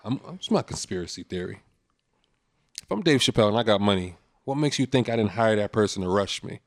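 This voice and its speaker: A young man co-hosting a casual podcast, joking and teasing, dropping low then bursting into laughter. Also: lively intonation, brisk, dry recording, studio quality. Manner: loud, joking, swings from low muttering to high laughing bursts. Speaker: podcast co-host. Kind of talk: casual group banter.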